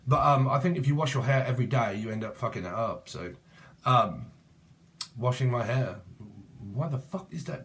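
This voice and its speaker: A man's voice: mid-range voice, expressive, normal speed, a bit bright. A middle-aged man talks straight to camera through a tarot reading. He hops from one loose word association to the next, swears casually and laughs at his own jokes. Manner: swears freely, jumps between word associations, laughs at himself. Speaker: tarot reader.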